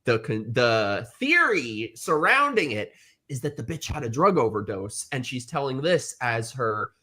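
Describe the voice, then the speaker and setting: A man's voice: mid-range voice, big pitch swings, a little slow, bright, forceful tone, breathy edge. A man hosting a casual panel chat on a video call, telling rambling gossipy stories. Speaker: host.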